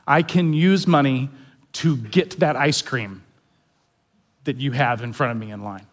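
A man's voice: mid-range voice, unhurried. A man pastor giving a sermon in an earnest, confessional way, often repeating words as he stresses a point.

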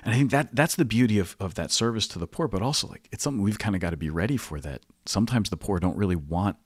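A man with a somewhat low voice, telling stories on a podcast. He tells them in an animated way and often laughs mid-sentence. The recording is close and dry. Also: fast talker, dry recording. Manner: animated anecdotes, frequent laughter. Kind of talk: casual storytelling.

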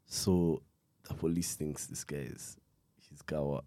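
A young man tells a true crime story in a loose, rambling way, full of slang and restarts. His voice sits low and sounds dark and mellow. It is picked up dry and close, and he stops to cough now and then. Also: steady tone, normal speed, no room sound. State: coughing fits. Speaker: podcast co-host telling a true crime story. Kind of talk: casual chat.

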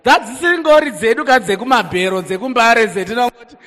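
High-voiced Zimbabwean pastor in an echoey hall. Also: male voice, quick pace. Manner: energetic, calls on the congregation, switches between languages. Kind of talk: sermon. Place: church hall. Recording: echoey church hall reverb.

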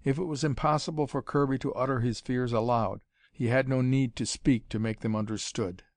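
A man reading an adventure story aloud as narrator, in a measured, dramatic manner. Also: mid-range voice, steady tone, no room sound, studio quality. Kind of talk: audiobook reading of pulp adventure fiction.

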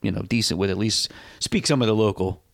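A man's voice: on the low side, fast talker, gravelly, no room sound, studio quality. A man co-hosting a casual podcast, telling rambling stories that break off and restart, with plenty of dad jokes. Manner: rambling, self-interrupting storyteller with dad jokes. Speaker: podcast co-host. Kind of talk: casual chat.

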